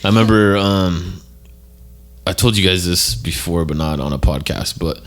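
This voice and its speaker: A man's voice: sits low, moderate pace. A man co-hosting a podcast in casual chat, swearing often and laughing through his stories. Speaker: podcast co-host.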